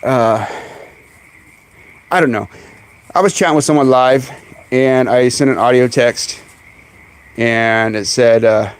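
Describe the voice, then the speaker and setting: A man hosting a casual live stream outdoors among his birds, chatting away and calling to them in high coaxing tones, recorded on a phone. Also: slow pace, pauses often, clear, resonant tone. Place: outdoors in a bird yard on a sunny day. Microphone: phone camera.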